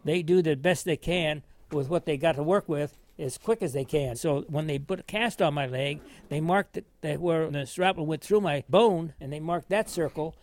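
A man's voice: fairly high pitch, normal speed, few pauses, no echo. An older American man, a war veteran, telling his story in a rambling, folksy way with frequent chuckles. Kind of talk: oral history storytelling.

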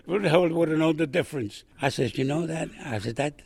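An older man from Brooklyn with a gravelly, husky voice tells a long war story. He rambles, restarts often and acts out the other people in the story. The sound is close and dry. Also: on the high side, fast, hardly any pauses, dry recording. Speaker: veteran guest. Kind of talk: oral history storytelling.

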